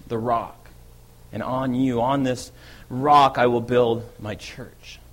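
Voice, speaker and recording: A man voicing Jesus as a calm, authoritative teacher who speaks in a quiet and measured way. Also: mid-range voice.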